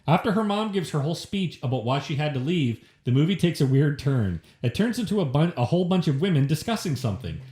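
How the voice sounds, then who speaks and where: A man's voice: on the high side, big pitch swings, fast talker, hardly any pauses, dark tone, roomy sound. A man co-hosting a podcast, chatting casually in a crude, sarcastic, joking way. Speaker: podcast co-host. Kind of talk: casual chat. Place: shared room with co-host.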